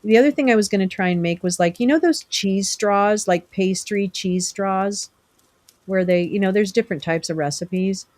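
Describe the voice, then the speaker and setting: A woman's voice: mid-range voice, moderate pace, a little mellow, no echo. A middle-aged woman from California, hosting a live stream and chatting casually with viewers, rambling and teasing them by name.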